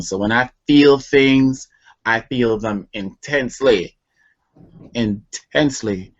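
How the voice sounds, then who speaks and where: A man, a poet and author, reading his poems aloud in a slow, deliberate and emotional way, then talking casually about them. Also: medium pitch, lo-fi sound. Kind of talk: slow poetry reading and chat.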